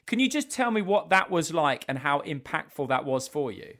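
A man's voice: fairly high pitch, big pitch swings, moderate pace, fairly bright tone. Man hosting an interview. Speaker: host. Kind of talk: interview questions.

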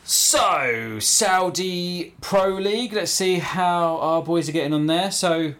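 A man on a casual football podcast, reading out results as a halting list and stumbling over team names. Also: sits high, a bit bright. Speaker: podcast co-host.

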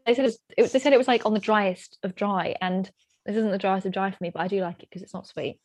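A woman's voice: mid-range voice, fairly even intonation, fast talker, a little mellow, no room sound. A young woman co-hosting a casual chat podcast, chatty and full of "like" and "literally". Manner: chatty, says "literally" and "like" a lot. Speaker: podcast co-host.

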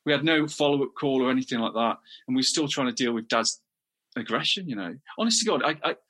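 Bright-voiced man, halting and candid. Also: mid-range voice, expressive. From England. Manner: halting, many restarts and repeated words. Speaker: interview guest. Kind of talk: candid personal interview.

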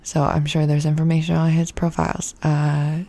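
Low gravelly woman podcast host. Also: monotone, normal speed, dark tone. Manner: laughs often, chatty and self-deprecating. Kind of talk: casual chat.

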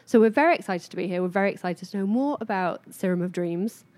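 A young British woman hosting a beauty podcast, chatting in a lively, rambling way with plenty of asides. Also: medium pitch, fast talker, no echo. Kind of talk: casual chat.

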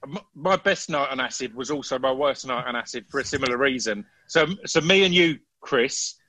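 A man telling stories in a casual chat, animated, with frequent restarts. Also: mid-range voice, a little fast, low-quality recording.

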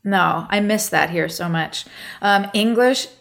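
A woman's voice: medium pitch, unhurried, gravelly, a bit bright. An American woman co-hosting a podcast, chatting casually and laughing easily. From United States. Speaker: podcast co-host. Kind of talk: casual chat.

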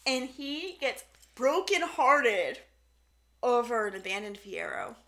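A woman co-hosting a podcast in casual chat, retelling events in an animated way with lots of fillers. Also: a little high, takes it slowly. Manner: animated storyteller, lots of "like" and "so yeah". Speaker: podcast co-host. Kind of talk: casual chat recapping a show.

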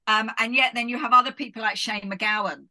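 Middle-aged English-born woman guest, bright and forceful tone, reflective chat full of restarts. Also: a little high, steady tone, fast talker. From England. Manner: reflective, many restarts and "you know". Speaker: guest author. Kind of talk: casual interview chat.

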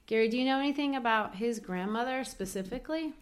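A woman's voice: on the high side, fast talker, clear, resonant tone. A woman co-hosting an educational talk about literature, explaining a poem in an exploratory way with frequent restarts. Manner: explanatory, thinking aloud with restarts. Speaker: teacher co-host.

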